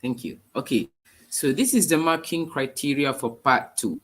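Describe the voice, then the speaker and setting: A man's voice: mid-range voice, moderate pace, fairly bright tone. A man with a nasal, under-the-weather voice, teaching a live online writing lesson with hesitant fillers. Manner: hesitant, many fillers, explanatory. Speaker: English teacher.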